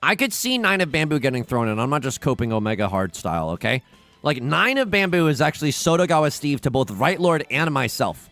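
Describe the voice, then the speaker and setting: A man's voice: fairly high pitch, very animated, a little fast, fairly bright tone, soft background music. A man streaming a tile game, joking and pleading dramatically as he plays. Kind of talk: casual livestream commentary.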